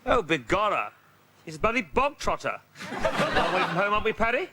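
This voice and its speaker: A sneering upper-class bully. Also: male voice, sits high, sing-song, a little fast, very noisy. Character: rude snobbish upper-class Englishman, middle-aged man.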